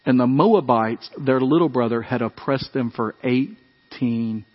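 A man preaching a sermon, telling animated family stories in a conversational way and acting out the voices. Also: medium pitch, unhurried, big-room sound, muffled recording. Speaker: pastor. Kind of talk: sermon storytelling.

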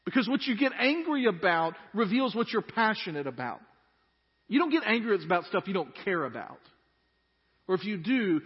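A man delivers an animated sermon to a congregation, voicing complaints with flair. His voice is high and a little husky. The long reverb of a church hall and a dull, muffled recording surround him. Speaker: pastor.

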